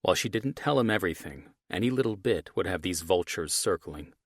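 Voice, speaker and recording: A very deep-voiced man narrates an audiobook in the first person, gruff and steady. His voice is recorded close up on a dry studio mic. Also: brisk, no echo. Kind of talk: scripted narration.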